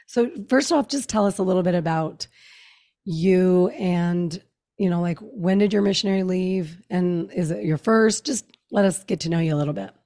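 Gravelly-voiced woman podcast host. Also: on the low side, moderate pace. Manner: relaxed questioning, hesitant fillers. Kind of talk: casual interview.

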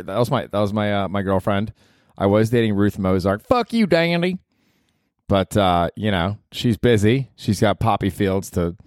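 A man's voice: lowish voice, darkish tone, dry recording, studio quality. A man hosting his comedy podcast, rambling, swearing and poking fun at himself. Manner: profane, rambling, self-mocking. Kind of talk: casual comedy monologue.

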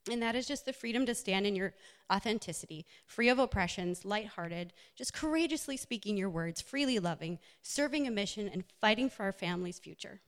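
A woman's voice: mid-range voice, animated, fairly quick. Woman coach giving a heartfelt talk, um's and little laughs, long echo in a big hall. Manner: earnest, personal, with fillers and laughs. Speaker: speaker, health and wellness coach. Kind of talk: motivational talk with slides. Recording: echoey hall.

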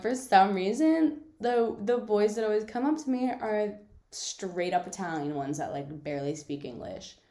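A woman's voice: mid-range voice, dark tone, reverberant. A young woman hosting her own podcast, chatting casually and telling stories with lots of fillers and giggles. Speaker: podcast host. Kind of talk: casual solo podcast chat.

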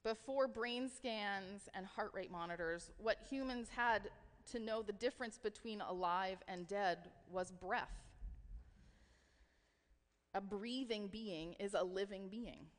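A woman's voice: medium pitch, slow. Lady preaching a sermon, earnest, kinda chatty with fillers, long hall echo. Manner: earnest, reflective, with filler words.

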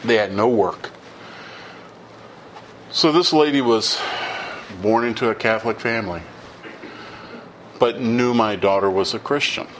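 A middle-aged man preaches in a relaxed, conversational way, drifting into stories and acting out both sides of the conversations. His voice sits a little low, and a faint hiss hangs under the recording. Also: unhurried, pauses often. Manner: conversational storytelling, acting out dialogue. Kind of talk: informal sermon.

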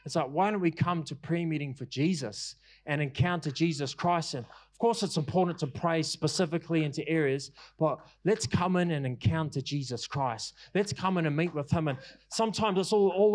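A man's voice: a little high, moderate pace. A man preaching a passionate sermon, repeating his lines for emphasis and using casual fillers. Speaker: pastor.

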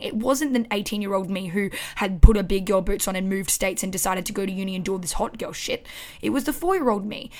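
A woman's voice: medium pitch, a little mellow. A woman in her twenties with an Australian accent, talking candidly and expressively alone on her podcast, swearing freely, recorded on a microphone at home. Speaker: podcast host. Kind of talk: casual solo podcast monologue. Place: her house.

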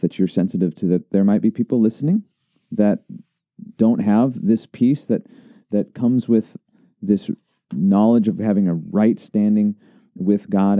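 A man's voice: fairly low pitch, dark tone, no room sound. A man who is a pastor, earnestly explaining doctrine on a teaching podcast with an emphatic tone.

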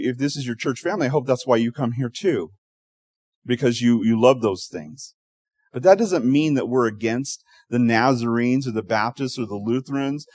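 A man's voice: medium pitch, darkish tone, no room sound. A male pastor preaching a sermon, telling stories and acting out quotes, with frequent restarts.

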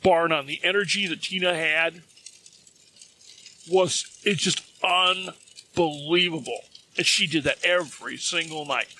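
Middle-aged male podcast host, casual storyteller, fairly high and bright tone, chatty and self-amused. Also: unhurried, a little hiss or hum. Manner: chatty, self-amused, chuckles at his own jokes.

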